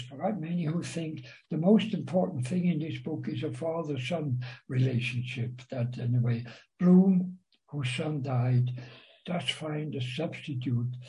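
A man talks through a novel in a slow, unhurried lecture, stopping often with fillers as he goes. His voice sits a little high and has a dark, mellow tone. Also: rough recording. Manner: slow, halting, with frequent filler uh. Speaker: literature lecturer. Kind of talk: reading aloud and commenting on a novel.

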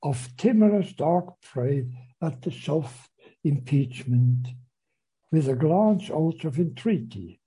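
Guy giving a literature lecture, super breathy raspy voice, lots of uhs and restarts. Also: on the high side, dark tone, rough recording. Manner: hesitant, many uh fillers and restarts. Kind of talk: lecture with read-aloud passages.

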